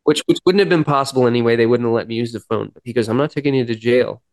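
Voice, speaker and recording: A man guest on a podcast, earnestly telling a personal story and acting out dialogue, with halting restarts. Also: medium pitch, no echo. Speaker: podcast guest, musician in recovery. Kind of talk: personal storytelling in a sit-down interview.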